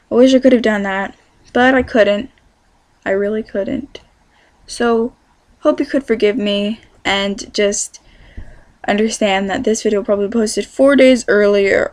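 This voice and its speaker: A woman's voice: medium pitch, no room sound. A chatty young woman with a Californian accent talks casually to camera, wandering from thought to thought and correcting herself as she goes. She is a vlogger in her teens, recording in her bedroom with a dry, close sound. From California, USA. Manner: chatty and rambling, many fillers and self-corrections.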